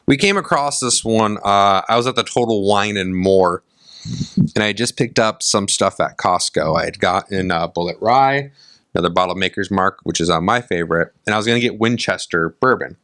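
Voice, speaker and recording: A man co-hosting a casual podcast chat over whiskey, an animated storyteller who acts out the exchanges he recounts. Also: lowish voice, fairly quick, no echo, clean studio sound. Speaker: podcast co-host. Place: indoor studio set, on camera.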